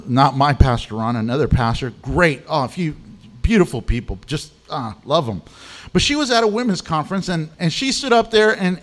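A man delivers a sermon in a notably high voice. He tells stories in an animated way and acts out the voices of the people he quotes. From Mexican. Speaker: pastor.

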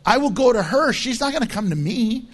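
A man preaching as pastor, blunt and emphatic, with low, quiet asides in a conversational sermon. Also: lively intonation, a little fast.

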